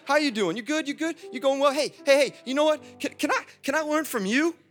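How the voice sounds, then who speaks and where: A young man preaching a sermon, animated, swinging between loud calls and soft asides and talking straight to the congregation. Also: extremely high pitch, fast talker, soft background music. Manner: acts out quoted voices, chats with the congregation. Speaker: pastor.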